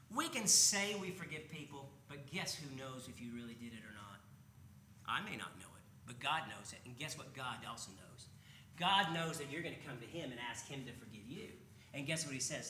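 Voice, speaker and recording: A man's voice: mid-range voice, sing-song, moderate pace, pushed and bright, roomy sound, slight background noise. A man preaching a sermon in a conversational way, often asking his listeners rhetorical questions. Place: church sanctuary.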